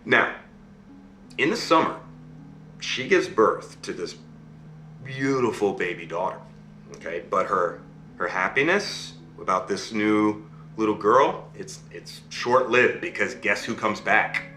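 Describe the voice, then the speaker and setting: A man telling a fairy tale live in a lively, dramatic way, often checking in with listeners. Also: takes it slowly, echoey room, slight background noise. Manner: lively, dramatic swings in pitch, asks listeners "right?". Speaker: storyteller.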